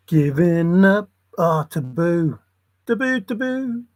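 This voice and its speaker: A man's voice: high voice, expressive, unhurried, long pauses, a bit bright, husky, no room sound. A man rambling in a solo monologue, muttering to himself and breaking into sudden exclamations. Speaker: channel host.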